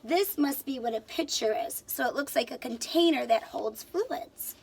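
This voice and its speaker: A woman's voice: sits high, animated, moderate pace, vocal fry, a little hiss or hum. A woman teacher reading a picture book aloud to children, stopping to explain words and ask questions.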